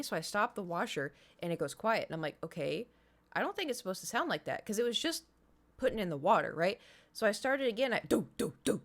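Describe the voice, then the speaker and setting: Chatty woman telling stories. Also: mid-range voice. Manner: chatty storytelling with sound effects and whispered swearing. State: voice slightly strained. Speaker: streamer. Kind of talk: casual chat to a live stream audience.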